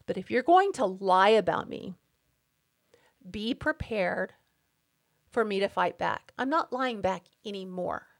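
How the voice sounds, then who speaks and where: Indignant woman venting on a podcast. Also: medium pitch. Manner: indignant, emphatic, worked up. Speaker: podcast host. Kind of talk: personal monologue.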